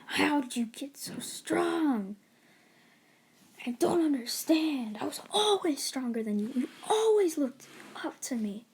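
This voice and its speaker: A woman's voice: high-pitched, takes it slowly, a little hiss or hum, voice pushed up. A woman doing a brash hot-tempered teen boy. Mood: stunned. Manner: shouting insults, brash. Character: cocky hot-tempered teenage boy rival.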